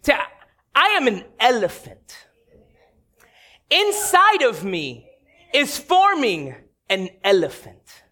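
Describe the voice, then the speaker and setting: Brief: man doing a patient, measured elephant, slow and grounded. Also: extremely high pitch, wildly swooping pitch, pushed and bright, heavily acted. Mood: dignified. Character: calm, dignified pregnant female elephant.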